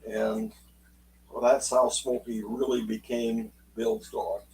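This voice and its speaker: Slow-talking man telling a story from afar. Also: medium pitch, very animated, gravelly, a little mellow, distant mic, a little hiss or hum, rough recording. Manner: unhurried, folksy, acts out quotes in dialogue. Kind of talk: spoken oral storytelling.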